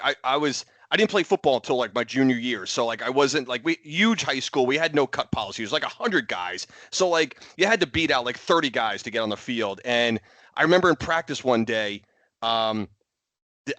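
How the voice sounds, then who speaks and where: A man's voice: medium pitch, fairly bright tone, dry recording. A man co-hosting a casual sports podcast, telling stories full of "like" fillers. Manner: rambling storyteller, many "like" fillers. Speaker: podcast co-host. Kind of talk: casual chat.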